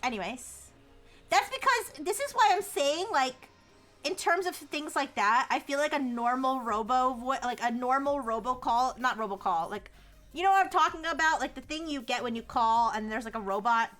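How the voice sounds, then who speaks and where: A young adult woman streaming live, chatting casually about news, animated and laughing, rambling with frequent restarts. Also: high-pitched, moderate pace. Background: faint music.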